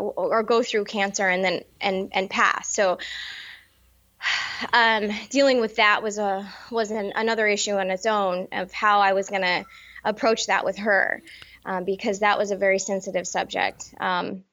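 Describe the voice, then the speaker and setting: A woman in her thirties speaking candidly in an interview, halting often with fillers and restarts. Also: mid-range voice, little pitch movement, a bit bright, lo-fi sound. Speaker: interview guest. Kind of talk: personal interview.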